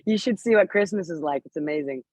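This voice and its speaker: A woman's voice: deep voice, expressive, fast talker, a little mellow, no echo. A woman being interviewed over a video call, bubbly and laughing often, with lots of fillers. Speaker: actress guest. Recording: dry, dull lo-fi video call audio.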